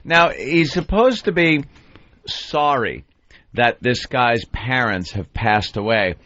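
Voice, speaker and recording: A man co-hosting a talk radio show, chatting casually with many halting fillers. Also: mid-range voice, animated, bright, forceful tone, dry recording, muffled recording.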